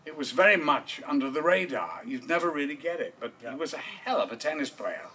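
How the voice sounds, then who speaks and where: At an outdoor park memorial, a man delivers a eulogy full of comic anecdotes, chuckling often as he goes. His voice is a little high, sing-song, brisk, pushed and bright. The distant mic picks up clear background noise.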